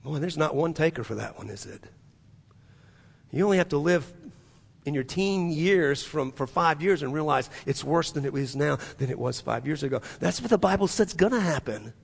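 A man's voice: on the high side, expressive, normal speed, gravelly, slightly rough, in a large hall. A man preaching a sermon in a church, emphatic and repetitive, with frequent restarts. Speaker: pastor.

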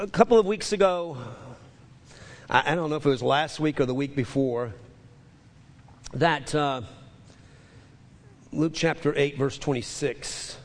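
Male pastor preaching, high voice, stammering restarts, emphatic repeats, hall reverb. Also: creaky. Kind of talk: sermon.

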